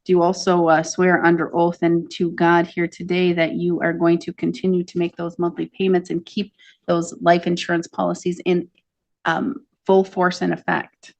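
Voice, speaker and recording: A woman's voice: on the low side, completely flat delivery, normal speed, creaky. A woman judge presiding over a courtroom hearing, speaking firmly and formally as she administers oaths.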